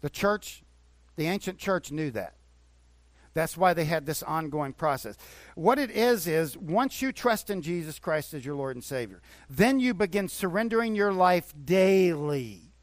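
A man's voice: a little high, expressive, a little slow, dry recording. A man preaching a sermon as a pastor, talking earnestly and conversationally, repeating phrases for emphasis. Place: church.

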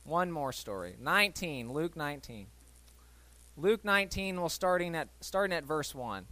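A man's voice: a little high, lively intonation, moderate pace, bright, forceful tone. A man preaching a sermon, reading Bible stories and acting out the voices in them, talking to his listeners and asking them questions. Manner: conversational, asks the listeners questions. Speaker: pastor.

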